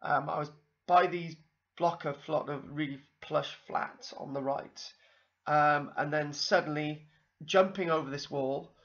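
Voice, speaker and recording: Bright-voiced Welsh man rambling on. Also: on the high side, fairly even intonation, a little slow, lo-fi sound. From South Wales. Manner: meandering, full of ums and asides. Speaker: vlogger. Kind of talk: rambling personal anecdote.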